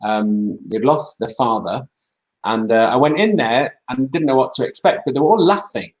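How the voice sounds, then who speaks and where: A man's voice: mid-range voice, very animated, a little fast, a little mellow. A man hosting an interview, speaking hesitantly with many fillers. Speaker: host. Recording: roomy echo.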